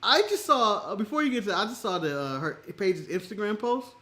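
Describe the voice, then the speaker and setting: An American man co-hosting a casual wrestling chat show, animated and laughing often, swearing and acting out other people's lines. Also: high-pitched, brisk. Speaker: podcast co-host.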